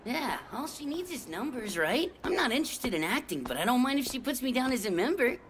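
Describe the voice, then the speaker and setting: A man's voice: very high-pitched, very animated, brisk, heavily acted. A man voicing a brash, wisecracking teenage schoolboy in an anime dub, teasing and smart-mouthed. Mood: cocky. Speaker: voice actor. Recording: dub clips over loud music. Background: background music.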